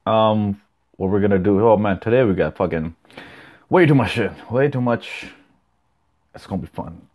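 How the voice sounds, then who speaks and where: Deep-voiced, profane young man podcasting. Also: normal speed, pauses often, darkish tone. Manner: loose, profane, rambling, reacting to clips. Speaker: podcast host. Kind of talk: casual solo podcast chat.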